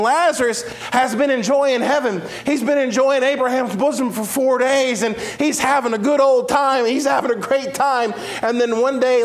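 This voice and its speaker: A man delivers a sermon in a fairly high voice. He tells Bible stories with lots of energy, swinging between loud, quick passages and quiet, drawn-out ones, like a pastor working his congregation. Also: slight background noise. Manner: animated storytelling preacher, swings from loud to hushed.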